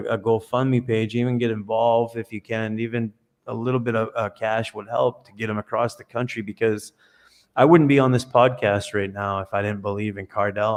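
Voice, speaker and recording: Earnest man telling a story on a podcast. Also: lowish voice. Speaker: podcast guest. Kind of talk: conversational interview. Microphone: video call.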